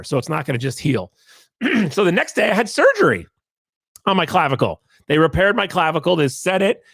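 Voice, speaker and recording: A man's voice: a little high, no echo, studio quality. A man hosting his own podcast, telling a story in a rambling, jokey, self-deprecating way. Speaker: podcast host. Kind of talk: casual solo podcast storytelling.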